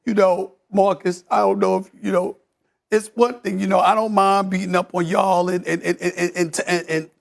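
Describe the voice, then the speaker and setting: Loud, theatrical high-voiced man. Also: moderate pace, gravelly. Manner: theatrical, loud, mock-emotional rants; repeats words in bursts when excited. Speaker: sports debate host. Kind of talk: heated sports debate.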